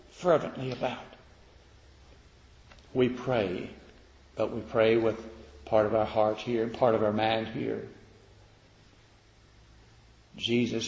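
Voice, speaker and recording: A man preaching a sermon, swinging from loud declaiming to quiet, slow emphasis. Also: medium pitch. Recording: echoey hall, dull lo-fi sound.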